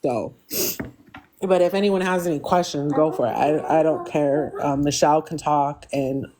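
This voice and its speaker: A woman's voice: deep voice, moderate pace, a crowd in the background. A young woman venting on a live stream, emotional and pleading, with frequent fillers.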